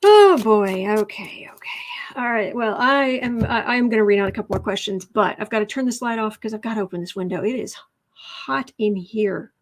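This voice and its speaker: A woman's voice: medium pitch, lively intonation, normal speed. A woman hosting a casual live tarot stream, chatting with viewers and reading their comments aloud, hot and sweaty in a room at home. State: overheated and sweaty. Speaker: tarot reader and livestream host.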